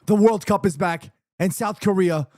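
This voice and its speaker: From his indoor room in New York City, an excitable streamer hosts a football watchalong, chatting to his livestream at a moderate pace in a fairly high voice. When nerves hit, he turns emphatic and repeats himself. The audio is close and dry, with no room echo.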